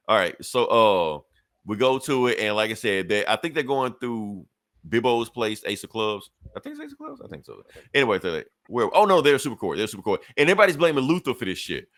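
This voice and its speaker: A man's voice: lowish voice, lively intonation, a bit bright, no echo. A man hosting a comic book podcast, chatting loosely and swearing as he retells events. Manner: loose, profane storytelling with quick acted-out quotes. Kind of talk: casual chat.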